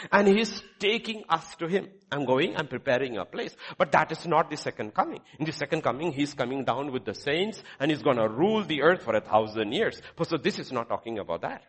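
Animated man preaching a sermon. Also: on the high side, brisk, slightly rough. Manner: preaching with rising emphasis and rhetorical questions. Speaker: pastor.

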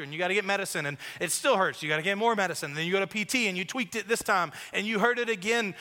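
A man's voice: sits high, pushed and bright. A young man, preaching an earnest, casual sermon to a large church congregation and often saying "like". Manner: earnest, casual, many filler "like"s. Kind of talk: conversational sermon. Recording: long hall reverb.

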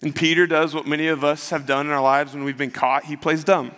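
A man's voice: fairly high pitch, little pitch movement, brisk, fairly bright tone. A man preaching a sermon, retelling the story in a conversational way and acting out the quotes. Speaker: pastor. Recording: long hall reverb.

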